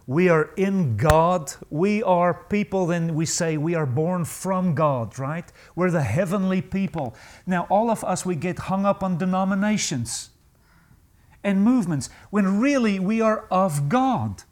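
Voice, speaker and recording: High-voiced emphatic male preacher. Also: animated. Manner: emphatic, slowing to stress key phrases; rhetorical questions to the congregation. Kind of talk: sermon.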